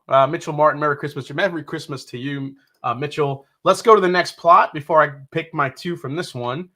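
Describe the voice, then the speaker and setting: A man's voice: fairly high pitch, moderate pace, bright, forceful tone. A man from New York hosting a casual live stream, reading out viewer comments, joking, swearing casually and laughing often. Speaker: livestream host.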